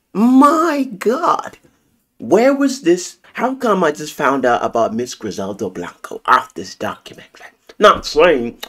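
A man giving a casual, theatrical spoiler review of a series, swearing freely as he talks. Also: mid-range voice.

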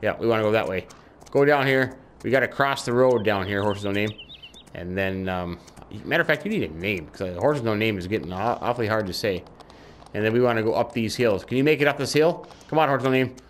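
A man giving chatty let's-play commentary, talking to his in-game horse and jumping up in pitch when excited. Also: quick pace, slight background noise. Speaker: gaming YouTuber.

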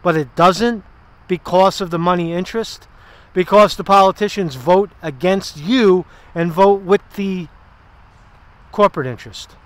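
High-voiced man ranting while walking outdoors. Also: measured pace, dry recording. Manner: rambling, profane, sarcastic asides. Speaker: political vlogger. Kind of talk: casual political commentary.

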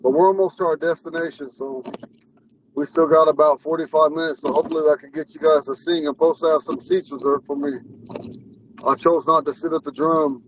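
A man's voice: fairly high pitch, fairly even intonation, a little fast, far from the mic, lo-fi sound, a little hiss or hum. A man with a lisp, a Ponca language teacher, talking in a rambling, earnest way while he drives. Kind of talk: casual talk while driving. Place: inside a car on the road.

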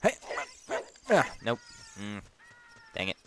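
This man's lowish voice swings hugely in pitch as he speaks slowly, with a bit of hiss or hum in the background. He's a let's play gamer offering goofy, meandering commentary on his game and frequently answering the characters.

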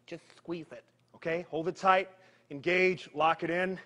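High-voiced man coaching a workout. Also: a little slow. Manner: energetic, joking, counts down reps. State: straining while exercising. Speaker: fitness trainer.

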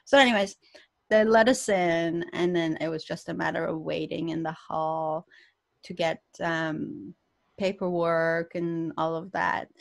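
A woman's voice: fairly low pitch, fairly even intonation, a little slow, vocal fry, dry recording. A woman guest telling a personal story on a podcast, acting out quotes and laughing often. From Canada. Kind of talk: storytelling interview.

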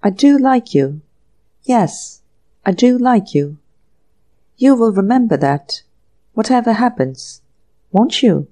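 A woman's voice: fairly high pitch, big pitch swings, slow, pauses often, dark tone, voice pushed up. A woman voicing an anxious young woman in a storybook reading, pleading and heartfelt. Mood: tender.

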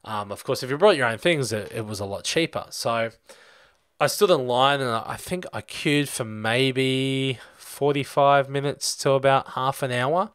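A man's voice: medium pitch, a little slow, clear, resonant tone, no echo, clean studio sound. A young Australian man hosting a podcast, telling a rambling personal story in a casual way with lots of fillers. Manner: rambling, animated anecdote with many fillers. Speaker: podcast host.

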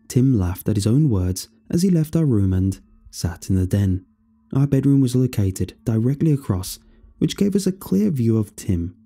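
A man reading a horror story aloud in a measured, scripted storytelling manner. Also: mid-range voice, mellow, breathy edge. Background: faint music.

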